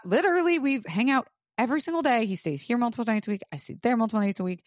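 A woman's voice: on the high side, lively intonation, racing, hardly any pauses, dry recording, studio quality. A woman podcast host telling a personal story in casual chat, frank and profane, full of "like".

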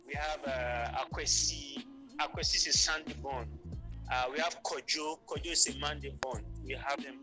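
A man's voice: medium pitch, fairly even intonation, moderate pace, over music. A Ghanaian man with a Ghanaian-Nigerian accent, a guest talking earnestly and repeating words. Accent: Ghanaian with Nigerian influence. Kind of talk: casual chat.

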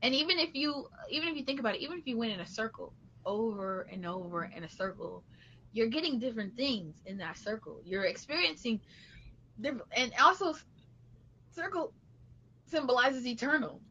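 A woman's voice: on the high side, animated, fairly quick, sharp tone, muffled recording, a little hiss or hum. A woman hosting a podcast, talking in an earnest, rambling, motivational way. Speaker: podcast host. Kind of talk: casual reflective chat.

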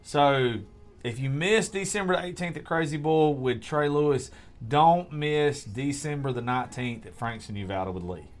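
A man's voice: a little high, moderate pace. A man hosting a casual podcast chat, talking with enthusiastic, profane energy while promoting upcoming shows.

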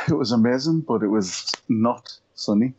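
A man's voice: medium pitch, a little slow, darkish tone, breathy edge. A man from Yorkshire co-hosting a podcast, telling rambling anecdotes with plenty of laughter. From Yorkshire, England. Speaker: podcast co-host. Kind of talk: casual chat. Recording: dull lo-fi sound.

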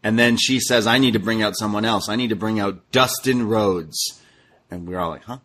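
A man's voice: lowish voice, moderate pace. A man co-hosting a podcast, chatting casually and acting out what others said as he recaps a show. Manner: animated retelling, acting out quoted lines. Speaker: podcast co-host. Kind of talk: casual wrestling recap chat.

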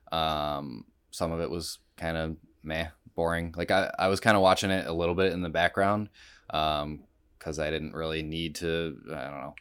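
A man's voice: deep voice, clear, resonant tone. A man co-hosting a podcast, talking things over in a hedging, thoughtful way. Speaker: podcast co-host. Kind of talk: casual chat.

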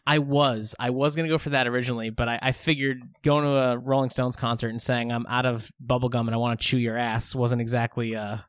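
A man in casual comedic banter who rambles into goofy made-up scenarios and keeps them going. His voice sits at a middling pitch. It sounds close and dry, with no room around it. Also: level tone, quick pace, hardly any pauses, no room sound. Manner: joking, spins long silly bits. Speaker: podcast co-host.

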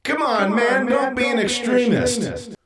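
A man doing a high, strained impression of a mumbling elderly male politician. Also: unhurried, roomy sound. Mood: exasperated. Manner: high, strained, shouty delivery.

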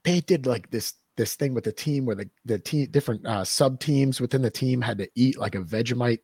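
Joking, dry-voiced podcast co-host. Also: male voice, mid-range voice, a little fast, warm tone, breathy edge, no room sound. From New Hampshire. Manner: rambling, joking, full of fillers. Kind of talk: casual chat.

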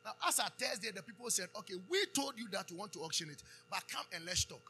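A man with a Ghanaian accent preaching a sermon, calling out questions for the congregation to answer and building to loud emphasis. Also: sits high, expressive, fast talker, faint music behind. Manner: call-and-response preaching, loud rising emphasis. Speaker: pastor.

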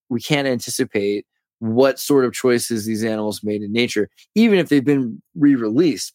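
A man in his thirties from California, a podcast guest telling rambling, animated stories in casual conversation. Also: on the low side, dry recording, clean studio sound. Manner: rambling, animated storyteller who says "dude" and "like".

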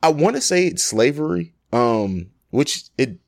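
A man's voice: fairly high pitch, big pitch swings, a little slow, gravelly, dry recording, studio quality. A man hosting a podcast, asking questions and teasing his guest in casual chat. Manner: asks questions, playful teasing. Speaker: podcast host.

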